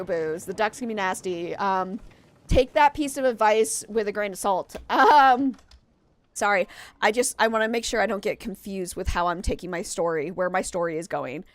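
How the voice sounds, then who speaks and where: Chatty streamer lady rambling to chat, kinda high voice, super dry mic. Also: no room sound. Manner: rambling, chatty, heavy use of "like" and "um"; greets and thanks chat warmly. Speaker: game streamer. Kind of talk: casual live-stream chat and storytelling.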